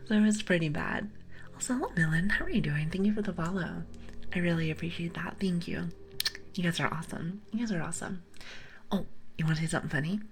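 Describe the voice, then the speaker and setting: A young woman streaming ASMR, chatting and giggling with her viewers in a soft, often whispered voice on a close mic. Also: on the low side, fast. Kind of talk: whispered ASMR livestream chat.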